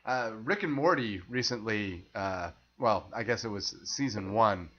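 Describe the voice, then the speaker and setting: A man's voice: on the low side, lively intonation, measured pace, fairly bright tone, muffled recording. A man co-hosting a casual film discussion podcast, chatty and easygoing, laughing often. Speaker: podcast co-host.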